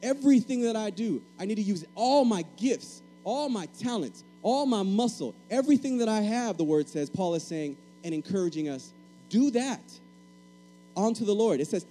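A man from Puerto Rico preaches with emphasis, his high voice pressing key phrases again and again. His tone is mellow and dark. A faint mains hum runs underneath. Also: poor audio. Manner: emphatic, repeats key phrases, asks the congregation to respond. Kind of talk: sermon.

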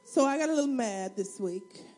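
A woman preaching a sermon, telling a personal story in an animated, humorous way that swings between loud and soft. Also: a little high, normal speed. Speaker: single mother of two.

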